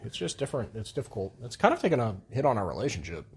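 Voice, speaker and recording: A man's voice: medium pitch, sing-song, racing, a little hiss or hum. A man, co-hosting a casual podcast, frank and rambling, with some swearing. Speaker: podcast co-host. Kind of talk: casual couple's podcast chat.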